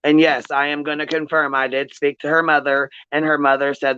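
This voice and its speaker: Angry ranting man, smooth voice. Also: on the high side, flat delivery, fairly quick, bright, forceful tone. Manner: angry, profane, repetitive. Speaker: commentary channel host. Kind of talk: angry rant vlog. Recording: dull lo-fi audio.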